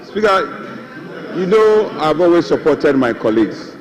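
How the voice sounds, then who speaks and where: A man's voice: a little high, very animated, a little slow. A man, a minority chief whip, pleading insistently and repetitively in parliament. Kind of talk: impassioned parliamentary plea. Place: large parliament chamber. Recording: noisy chamber with members murmuring.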